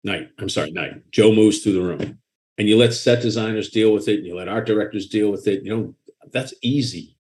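A man with a Boston accent, an author talking frankly and with animation in a casual interview. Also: fairly low pitch. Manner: frank and animated, quick asides and laughter.

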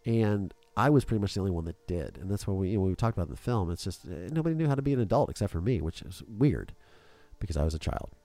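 A man's voice: deep voice, expressive, fast talker, warm tone, no room sound, soft background music. A young adult man hosting a podcast, telling an emotional family story in casual chat. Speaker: podcast host.

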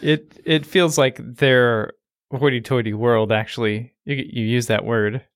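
A man's voice: medium pitch, fairly even intonation, measured pace, no room sound, studio quality. A man co-hosting a casual movie discussion, laughing often and chiming in briefly. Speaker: podcast co-host.

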